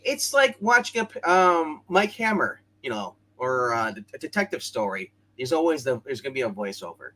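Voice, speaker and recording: A man co-hosting a casual movie review chat, chatty and halting. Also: medium pitch, big pitch swings, sharp tone, poor audio. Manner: chatty, halting, lots of fillers. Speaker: movie review show co-host.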